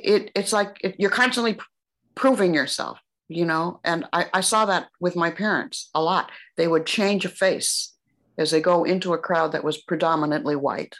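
A woman playwright being interviewed over a video call, speaking thoughtfully and haltingly. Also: fairly low pitch, fairly bright tone, poor audio. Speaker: playwright guest.

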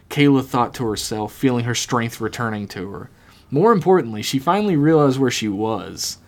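A man's voice: mid-range voice, lively intonation, moderate pace. A man co-hosting a podcast, reading his own horror story aloud dramatically and laughing at his own jokes. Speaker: podcast co-host.

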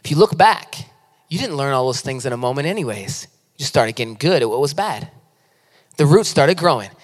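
A man in his thirties preaching a sermon as a pastor, impassioned, swinging between loud urgent pleading and low, intimate asides. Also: lively intonation, fairly quick. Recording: long hall reverb.

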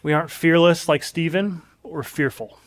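A man's voice: a little high, normal speed. A man preaching a sermon in an earnest, emphatic way, leaning on repeated phrases.

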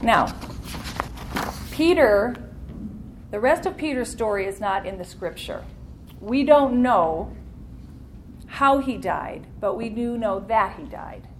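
A woman's voice: medium pitch, a little hiss or hum. A woman teaching a church Bible study class in an earnest, conversational way, leaning into key points.

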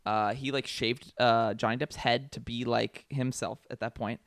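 A man's voice: medium pitch, steady tone, normal speed, no echo, studio quality. A man co-hosting a casual podcast chat, joking and profane, rambling with lots of fillers. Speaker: podcast co-host.

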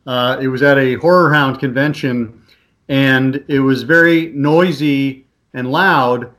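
A man who is a podcast guest, chatting casually and telling animated stories, acting out the voices of other people. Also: mid-range voice, slow. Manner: animated storyteller, acts out voices in anecdotes. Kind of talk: casual chat, storytelling.

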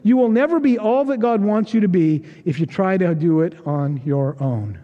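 The pastor, a man from the United States, preaches in a church sanctuary with a joking, conversational style, giving voice to the people he quotes. He sounds high and animated at a normal pace, though the recording is muffled and echoes with the long reverb of the hall.

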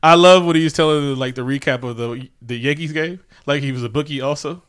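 A man's voice: on the high side, a little fast, clean tone. A man casually recapping a movie with a co-host, laughing often and acting out quotes. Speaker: podcast co-host.

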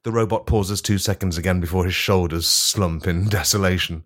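A man narrating an absurd comedy tabletop game as game master, in a deadpan storytelling manner. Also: sits low, moderate pace.

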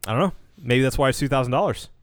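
Chill podcast guy, lots of yeahs, reads off the can flat, no room sound at all. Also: medium pitch, very fast, dry recording. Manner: laid-back, agrees a lot, reads labels aloud flatly. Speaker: podcast co-host. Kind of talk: casual chat.

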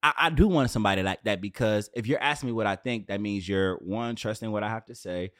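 A man in his late twenties talking casually as a podcast host, animated and profane with streetwise slang, in a dry room on camera. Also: on the low side, fast talker, no echo. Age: 20s. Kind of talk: casual solo rant.

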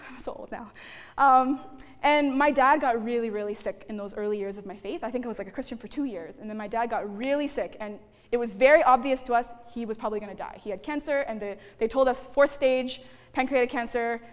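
Female preacher, conversational sermon, high pitch, reverberant hall. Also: fairly quick. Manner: chatty, frequent "okay?" and "guys". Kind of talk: sermon with personal story.

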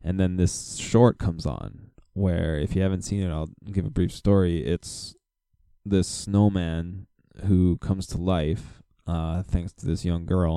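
Podcast host, male, deep and gravelly, dark smooth tone, dry close sound, loose rambling delivery. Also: dry recording. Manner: rambling, filler-heavy storytelling. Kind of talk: casual solo podcast monologue.

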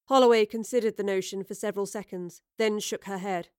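A woman narrating an audiobook in a measured, clear storytelling voice. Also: mid-range voice, steady tone, a little mellow, no echo, clean studio sound. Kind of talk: scripted narration.

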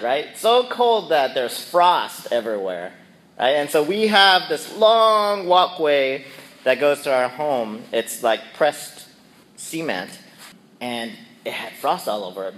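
A man's voice: a little high, fairly bright tone. A middle-aged man casually telling a personal story and acting out his own yelps and quoted lines. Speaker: speaker sharing a personal reflection.

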